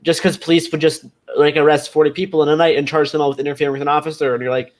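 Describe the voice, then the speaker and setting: A speaker calmly explaining a point in a casual group chat on a stream. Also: mid-range voice, racing, noisy background. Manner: earnest explaining.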